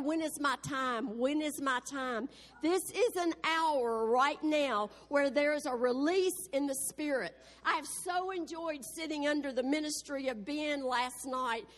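A woman preacher giving an exuberant sermon, full of exclamations of praise and storytelling asides. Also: sits high. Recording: echoey hall.

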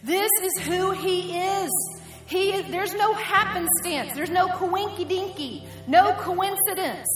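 A woman's voice: very high-pitched, slow pace. A woman preacher telling a story in a sermon, acting out each character as she goes. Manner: animated storytelling that acts out the quoted characters. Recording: echoey hall with music behind.

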